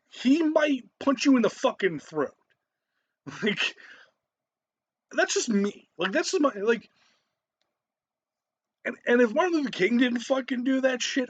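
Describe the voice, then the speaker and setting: A man's voice: very high-pitched, husky, dull audio. A man giving a profane, ranting reaction commentary, swearing heavily and cutting in with laughs.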